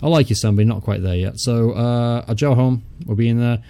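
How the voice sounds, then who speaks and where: A man's voice: medium pitch, a little fast, dark tone, clear, resonant tone. A young man hosting a casual let's-play, chatty, thinking aloud as he goes, muttering and swearing offhandedly. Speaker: gaming channel host.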